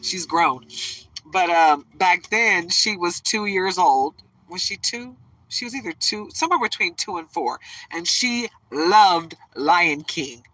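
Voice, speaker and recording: A woman speaks on a casual livestream, her voice bright and forceful. She rambles through a chatty, emotional story from a parked truck. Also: on the low side, animated, takes it slowly, poor audio. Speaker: tarot reader livestreaming.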